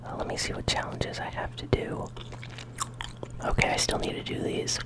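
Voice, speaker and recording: At an ordinary pace, the gum-chewing host keeps up a whispered, relaxed, chatty running commentary on the game, punctuated by moments of excitement.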